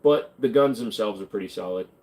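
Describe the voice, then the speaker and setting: A man's voice: fairly low pitch, fairly quick, a little mellow. A man hosting a livestream, answering viewer questions in casual chat with a crude, joking, offhand manner.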